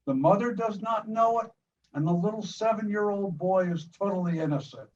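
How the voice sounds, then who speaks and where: An older man from the United States with a fairly high voice tells a story about making a film in animated detail. He keeps restarting and repeating words as he goes. He sounds distant and muffled, with faint hiss in the background. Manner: retells scenes vividly, with many quick restarts and repeated words. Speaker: filmmaker being interviewed.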